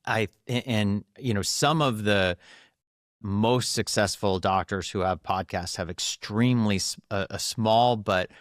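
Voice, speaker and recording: Low-voiced man explaining podcasting. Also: a little slow, no echo, studio quality. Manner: explanatory, earnest, laughs easily. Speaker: podcast guest, runs a doctors' network. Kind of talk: conversational interview.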